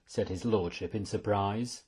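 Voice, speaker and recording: A man's voice: on the low side, measured pace, slightly rough. A man narrating an audiobook in a storytelling tone, shifting between voices for many characters. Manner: expressive, voicing many characters.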